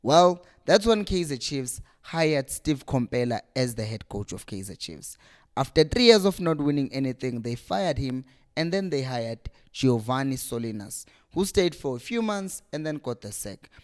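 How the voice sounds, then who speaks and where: A man's voice: mid-range voice, big pitch swings, normal speed. A young man hosting a fan channel, ranting with exasperation and hammering rhetorical questions. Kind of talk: passionate fan rant to camera.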